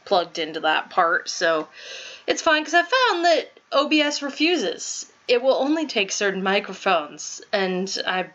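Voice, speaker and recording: A woman's voice: mid-range voice, very animated, measured pace, a bit bright, highs cut off. A woman streaming herself reading a visual novel aloud, chatting casually and apologizing as she goes. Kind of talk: casual chat between voiced game lines. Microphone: home desk mic.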